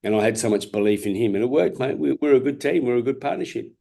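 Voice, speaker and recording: A man's voice: medium pitch, lively intonation, fast talker, vocal fry, mellow. A man in his fifties with an Australian accent, telling his story as an interview guest in a candid, earnest way, swearing freely and often restarting his sentences. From Perth, Australia. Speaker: guest, former world champion boxer.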